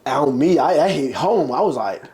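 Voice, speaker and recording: A man's voice: a little high, lively intonation, moderate pace, a loud crowd. A young man casually telling a long story as an interview guest, acting out the quotes with big jumps in his voice. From United States. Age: young adult. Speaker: interview guest, former college basketball player.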